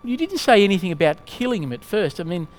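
A man's voice: sits high, sing-song, fast talker. A man voicing a male ghost who pleads and protests as he clings to his sin. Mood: evasive.

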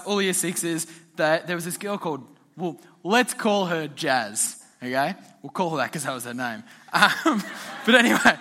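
Bright chatty man. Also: high-pitched. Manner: chatty storyteller, laughing often. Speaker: youth pastor. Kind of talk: casual youth talk.

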